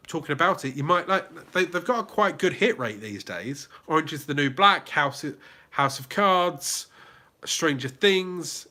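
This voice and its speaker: A man's voice: a little high, sharp tone. A man with a British accent hosting a YouTube livestream Q&A, reading out viewers' comments and greeting them by name in a chatty way. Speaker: YouTube channel host.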